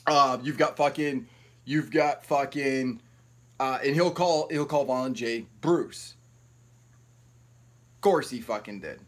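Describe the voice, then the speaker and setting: A man's voice: medium pitch, slow pace, pauses often, a bit bright. A man hosting a live stream, ranting in a rambling, profane, heated way.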